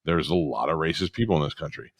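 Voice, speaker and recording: A man's voice: a bass voice, fast talker, no echo, studio quality. A man co-hosting a podcast in casual chat, blunt and telling stories with acted-out dialogue. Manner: blunt, storytelling with reenacted dialogue. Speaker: podcast co-host.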